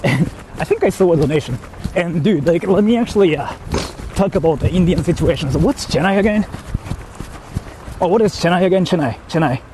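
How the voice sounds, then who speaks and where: A man's voice: sits high, fairly quick, long pauses, noisy background. A man streaming live while walking outdoors, chatting casually and rambling between laughs as he reads out viewer donations.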